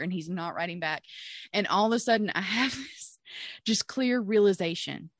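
Here a female podcast co-host chats casually at a moderate pace, her voice sitting in the mid-range. Laughing frequently, she animates her story by acting out quotes from herself and others. Studio quality, with no room sound.

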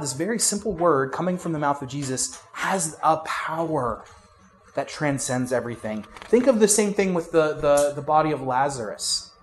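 Male pastor, slightly high voice, casual sermon delivery with big swings in volume. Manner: conversational preaching with frequent fillers and restarts; swings between loud emphasis and quiet asides.

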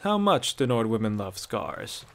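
A man's voice: lowish voice, big pitch swings, unhurried, gravelly, full character voice. A man voicing a young male hunter with a dry, wry way of talking.

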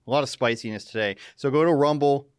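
A man's voice: mid-range voice, fast talker, clean tone, no echo, clean studio sound. A man hosting a casual live news show, joking and sarcastic, with rambling asides. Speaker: live stream host.

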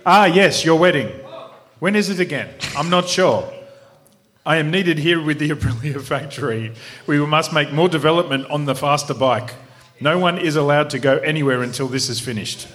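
A man's voice: fairly high pitch, normal speed, a bit bright, a little hiss or hum, natural voice. A man voicing a bossy male team captain, giving orders through chuckles. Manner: commanding, chuckling.

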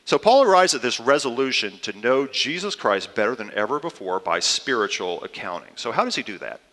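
A man's voice: medium pitch, very animated, a little fast, sharp tone, big-room sound. A man preaching a sermon to his congregation, conversational and playful, with fillers and asides. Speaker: pastor.

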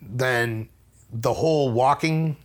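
Male interview guest, casual storyteller, mid-pitched, wry and self-deprecating, rambling with lots of restarts. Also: slow pace. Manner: acts out other people's lines in a raised voice.

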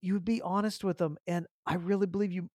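A man hosts a podcast and tells stories, acting out the lines of the people in them. His voice sits a little high, and the sound is close and dry. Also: fast, dry recording. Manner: animated storyteller, acts out dialogue, repeats words. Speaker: podcast host. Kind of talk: casual storytelling interview.

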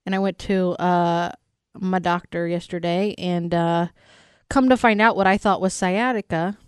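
A woman's voice: on the low side, fairly even intonation, unhurried, smooth, no room sound, clean studio sound. A woman co-hosting a radio show, chatting casually in a rambling, self-deprecating way. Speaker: radio co-host. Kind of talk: casual morning show banter.

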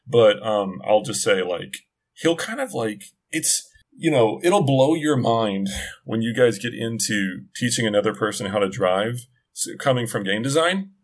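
Rambling middle-aged man telling a story. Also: fairly low pitch. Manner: rambling, self-interrupting storyteller. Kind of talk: casual chat.

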